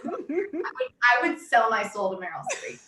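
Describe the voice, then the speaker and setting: A woman in a casual video-call chat, gushing and animated and swearing freely. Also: a little high, unhurried, reverberant, noisy background.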